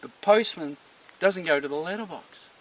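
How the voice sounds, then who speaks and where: A man, a dog trainer explaining a behaviour problem through an animated story. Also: high voice, normal speed, distant mic, a little hiss or hum, poor audio.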